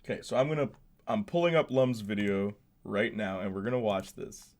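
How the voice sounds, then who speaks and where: Young male streamer, loose rambly gaming chat, pitch swinging up and down, laughs a lot. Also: expressive, fairly quick, a little mellow. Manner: rambling, laughs often, many restarts.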